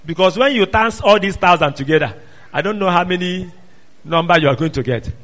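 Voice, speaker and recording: Emphatic preacher in a big hall. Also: male voice, high-pitched, animated, brisk. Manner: call-and-response, quizzing the congregation, emphatic rising shouts. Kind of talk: sermon. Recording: dull sound in a reverberant hall.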